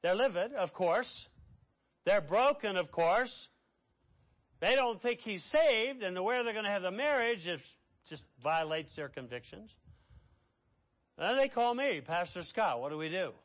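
Middle-aged guy preaching, fairly high voice, drops way quiet then gets loud and fired up. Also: expressive, a little slow, long pauses. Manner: impassioned preaching, swinging between hushed and loud. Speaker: pastor. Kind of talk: sermon.

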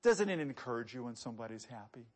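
A man's voice: mid-range voice, expressive, fast. A man preaching a sermon, talking to the congregation in a conversational way, asking rhetorical questions and reading scripture with rising emphasis.

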